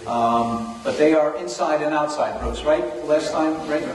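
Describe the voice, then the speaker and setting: A man with a New York accent announcing club news at a meeting, chatty and halting, with many fillers. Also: fairly high pitch, slight background noise. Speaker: club member presenting new business. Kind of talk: casual meeting talk. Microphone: distant room recording. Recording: echoey hall recorded from far off.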